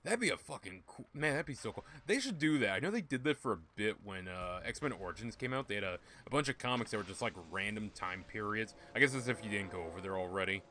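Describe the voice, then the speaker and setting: A man's voice: fairly low pitch, animated, fast talker, hardly any pauses, sharp tone, a little hiss or hum. A young man giving rambling, joking, profane commentary while playing a video game. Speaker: gaming YouTuber. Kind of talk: casual gameplay commentary.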